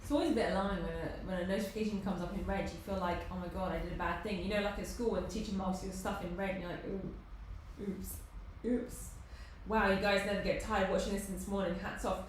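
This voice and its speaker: A woman's voice: medium pitch, fairly even intonation, very fast, few pauses, slight background noise. A woman co-hosting a live tech stream, chatting playfully and reading out viewers' comments. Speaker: tech show co-host. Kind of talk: casual live-stream chat. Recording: very echoey room, mic at a distance.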